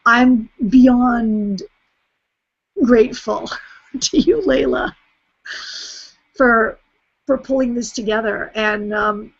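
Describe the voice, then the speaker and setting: A woman's voice: on the high side, fairly even intonation, slow, creaky, pauses often. A woman hosting an online group call, effusive and chatty, often restarting her sentences. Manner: effusive, chatty, repeats herself. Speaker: host. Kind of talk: webinar hosting, casual. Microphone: video call. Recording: dull lo-fi video call audio.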